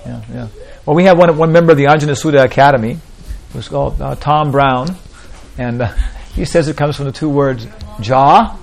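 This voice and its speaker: A man with a gravelly, creaky voice leads an informal spiritual talk for a small group. He rambles, circles back, and tacks "like that, you know" onto his points. His pitch sits in an ordinary middle range. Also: moderate pace. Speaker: spiritual teacher.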